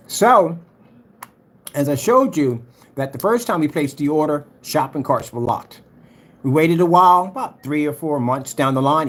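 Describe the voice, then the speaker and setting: Husky and fairly high-pitched, this man is hosting a livestream and talking straight to his chat. His rant is heated, mocking, and repetitive.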